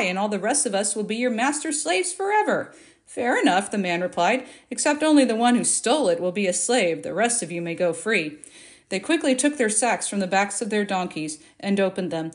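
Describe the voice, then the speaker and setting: A woman reads Bible passages aloud at a medium pitch. Her reading is expressive, and her voice rises in the quoted lines. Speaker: Bible reader. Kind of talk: scripture reading.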